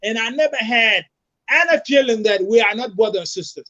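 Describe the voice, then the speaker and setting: A man, a candidate being interviewed who drives his points home by repeating them. His voice sits high for a man. The call audio sounds dull and lo-fi. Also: animated, brisk, bright, forceful tone. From South Sudan. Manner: emphatic, repetitive rallying speech. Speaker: presidential candidate, guest. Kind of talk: remote talk-show interview.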